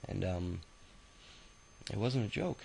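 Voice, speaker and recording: A man's voice: on the low side, animated, takes it slowly, creaky, dark tone, a little hiss or hum, poor audio. A man in his thirties telling his own life story in a rambling, profane, casual way, full of filler sounds. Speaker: autobiography narrator. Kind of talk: casual spoken memoir storytelling.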